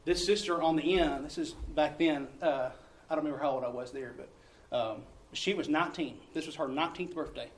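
A man's voice: on the high side, a little fast, hardly any pauses. A man, a missionary preacher telling testimonies in a folksy sermon style, acting out the dialogue. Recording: echoey room, distant mic, faint ambience.

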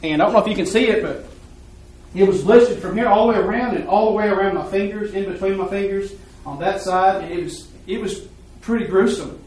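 A man's voice: sits high, brisk, darkish tone, reverberant, far from the mic, low-quality recording. A man giving a personal faith testimony in a church, telling his story earnestly and ramblingly, often repeating words as he goes.

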